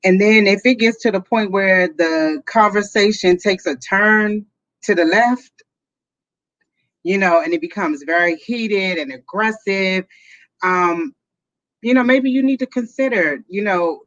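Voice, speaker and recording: Steady co-host with a dull, dry sound. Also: medium pitch, a little slow, dry recording. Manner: steady, explanatory, many "um"s and "you know"s. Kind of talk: advice talk show.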